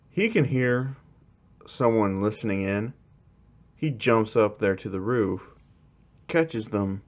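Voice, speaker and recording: A man tells a fan-made story in a casual, rambling way, leaning on fillers. His voice sits low and his pace is slow and drawn out. The recording is muffled and lo-fi. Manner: rambling, many fillers, little change of voice for characters.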